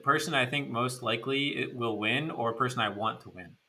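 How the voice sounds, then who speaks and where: A man's voice: medium pitch, fairly quick, sharp tone. A man co-hosting a podcast, chatting casually with laid-back, dry wisecracks. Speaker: podcast co-host. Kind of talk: casual sports chat.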